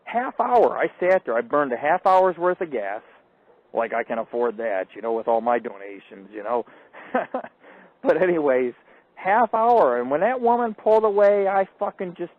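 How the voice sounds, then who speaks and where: Brash, foul-mouthed male radio host rambling through boastful stories, loud bursts then low mutters, thin phone-line sound. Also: big pitch swings, moderate pace. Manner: crude, profane, boastful storytelling. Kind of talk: rambling live call-in radio monologue.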